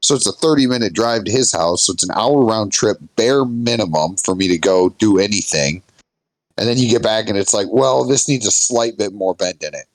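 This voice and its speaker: A man's voice: on the low side, normal speed, no room sound, rough recording. A man on a podcast, matter-of-fact, telling stories and bluntly correcting the others in casual chat. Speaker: podcast co-host.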